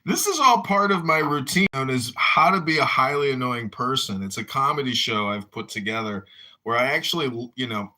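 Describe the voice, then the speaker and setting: A middle-aged man and mayoral candidate telling rambling, animated anecdotes in a casual audio chat room. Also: mid-range voice.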